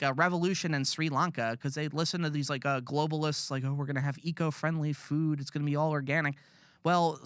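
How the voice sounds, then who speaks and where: A man's voice: fairly high pitch, bright, forceful tone, clear, resonant tone, dry recording, clean studio sound. A man ranting bluntly and profanely in casual podcast chat. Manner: blunt, profane, rambling rants. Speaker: podcast co-host.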